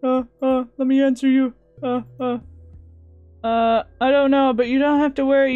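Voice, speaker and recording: A woman reading a visual novel aloud, narrating and reacting with animated asides. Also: high voice, moderate pace, faint music behind. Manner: animated reactions and filler sounds. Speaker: let's play host.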